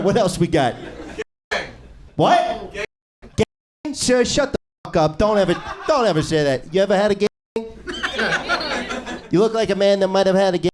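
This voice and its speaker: A male stand-up comedian doing an improvised set in a small comedy club, brash and crude, needling the crowd. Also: sits high.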